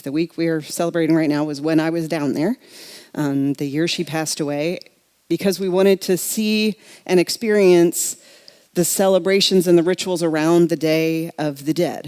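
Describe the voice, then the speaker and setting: A woman's voice: fairly low pitch, warm tone. A middle-aged woman minister preaching a sermon in a reflective, conversational way, speaking directly to her congregation. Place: church sanctuary.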